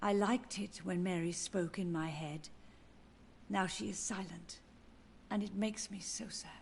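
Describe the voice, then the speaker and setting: A woman voicing a grieving older mother in a video game, soft and wistful, her voice often falling to a whisper. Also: lowish voice, fairly even intonation, a little slow, creaky, slight background noise. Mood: mournful. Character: grieving older mother, gentle and lost in delusion. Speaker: game character.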